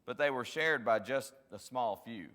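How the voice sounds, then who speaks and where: A man's voice: mid-range voice, moderate pace, fairly bright tone, long reverb tail. A man leading a Bible study, teaching conversationally, often restarting his sentences and acting out quotes. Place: church classroom.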